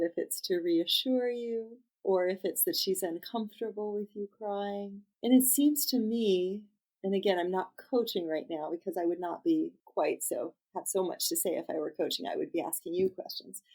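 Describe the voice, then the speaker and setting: A woman coach, a guest in an interview, giving gentle and thoughtful answers in a measured way. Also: medium pitch, low-quality recording.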